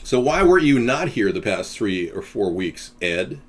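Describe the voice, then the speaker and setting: A man hosting a live video-chat show in a rambling, joking, teasing way. His voice is low and husky, and his pitch swings widely as he talks. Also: big pitch swings, normal speed. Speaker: host.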